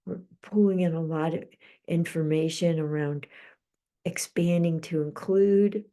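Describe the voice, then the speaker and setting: This middle-aged woman leads a psychic channeling livestream in a lowish voice with fairly even intonation. Her pace is slow and calming, and she often slips into gentle whispers.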